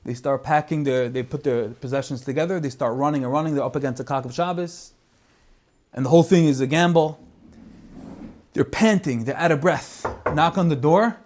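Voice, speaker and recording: A man giving a Torah talk as a lively story, mixing in Hebrew and Yiddish words. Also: on the high side, moderate pace. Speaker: Torah speaker.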